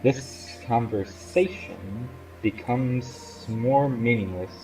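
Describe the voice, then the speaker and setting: Man voicing a young woman warrior, earnest, questioning, warm mellow voice, faint music. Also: mid-range voice, takes it slowly, distant mic, rough recording. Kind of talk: reading game dialogue aloud.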